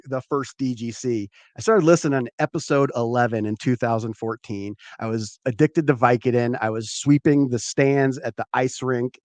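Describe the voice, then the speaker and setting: A man hosting a show, telling a rambling, animated personal story with swearing. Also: mid-range voice, dry recording. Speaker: show host, former comedian. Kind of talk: casual storytelling.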